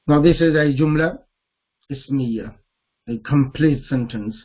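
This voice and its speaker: A man's voice: medium pitch, slow. A man teaching a grammar lesson, explaining patiently and repeating key points. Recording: tinny phone-like audio.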